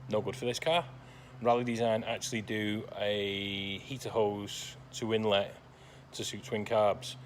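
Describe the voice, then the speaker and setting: A man with a lowish voice narrates a workshop vlog about restoring a car. He speaks at a measured pace with few pauses, mixing plain, practical explanation with dry, sarcastic, deadpan grumbles, and there's slight background noise.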